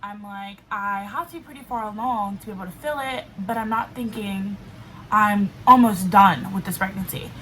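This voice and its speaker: A woman's voice: medium pitch, moderate pace, a bit bright, low-quality recording. A woman in her twenties casually telling a personal story to camera, filling her talk with "like". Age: 20s. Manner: chatty, fills speech with "like". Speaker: vlogger. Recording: faint background noise, level cutting in and out.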